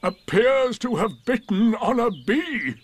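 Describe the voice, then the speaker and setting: A man voicing a gloomy, mournful old male donkey who speaks in slow, drawn-out sighs. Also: very high-pitched, sing-song, voice pushed up, full character voice. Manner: drawn-out, slow, sighing speech.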